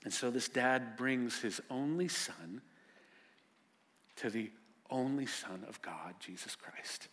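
A male preacher, delivering a sermon as a vivid story that swings from loud and urgent to hushed. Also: mid-range voice, slow pace.

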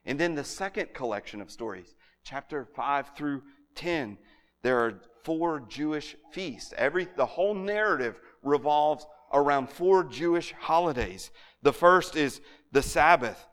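A man's voice: a little high, a bit bright, clean tone. A man teaching a lesson on scripture in an earnest, emphatic way, often restarting his words. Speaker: Bible teacher. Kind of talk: lecture on scripture.

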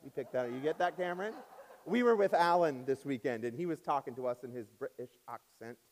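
A man preaching a sermon as pastor in a church, swinging up and down in pitch and loudness and stretching out key words. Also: brisk, in a large hall, slight background noise. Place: church sanctuary.

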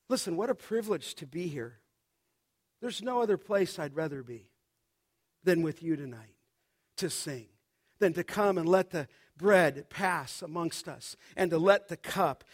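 High-voiced guy preaching in church, slow and fervent, prompts the crowd to answer. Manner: impassioned preaching, repeated calls and responses. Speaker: pastor. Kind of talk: sermon. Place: church service.

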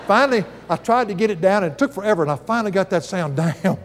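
Folksy older preacher, high voice. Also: male voice, animated, fast talker, long reverb tail. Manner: folksy, chuckling storyteller. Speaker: Bible teacher. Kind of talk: sermon with personal stories.

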